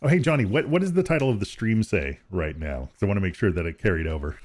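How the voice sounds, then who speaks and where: A man's voice: on the low side, lively intonation, quick pace, darkish tone. A man streaming a farming game, chatting casually with viewers, rambling, laughing often and restarting his sentences. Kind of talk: casual live-stream chat while gaming.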